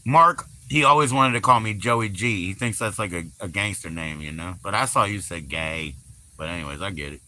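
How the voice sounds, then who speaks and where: Bright, loose-talking man on a livestream. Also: low-pitched, moderate pace. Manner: loose, swearing, laughs often, lots of fillers. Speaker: livestream host. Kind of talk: casual rambling livestream chat.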